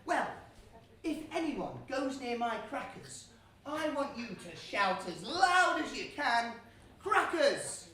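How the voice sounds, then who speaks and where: A woman playing a silly young man in a stage pantomime, chummy and playful as she gets the audience shouting. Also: fairly high pitch, big pitch swings, takes it slowly, full character voice. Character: Bree, a silly, cheese-loving young man. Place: theatre stage. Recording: echoey theatre from far off, noisy.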